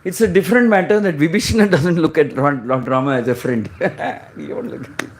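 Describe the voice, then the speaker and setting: A man delivers a sermon in a voice a touch higher than most men's. He tells scripture stories as he goes and voices the exchanges between the characters. He speaks close to the microphone. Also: a little fast, slight background noise. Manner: storytelling, acting out scripture dialogues. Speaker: preacher.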